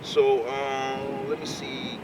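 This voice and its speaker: A man in a casual group discussion who speaks haltingly with many fillers and builds into heated rhetorical questions. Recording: distant mic, clear outdoor noise.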